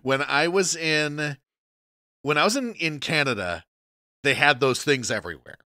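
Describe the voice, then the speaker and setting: Male podcast co-host, casual profane storyteller, bright dry delivery. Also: on the high side, lively intonation, dry recording. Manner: rambling, profane, halting restarts. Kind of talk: casual chat.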